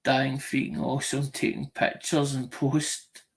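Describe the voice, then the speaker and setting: A man's voice: mid-range voice, flat delivery, a little slow, vocal fry. A man with a Scottish accent chatting casually on a live stream, rambling and often restarting and repeating himself.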